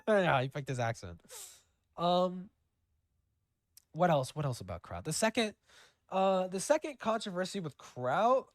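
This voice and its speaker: A man's voice: sits high, very animated, unhurried, pauses often, no room sound, clean studio sound. A man hosting a livestream in casual chat, rambling with lots of fillers and swearing. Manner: rambling, profane, with many fillers. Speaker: streamer host.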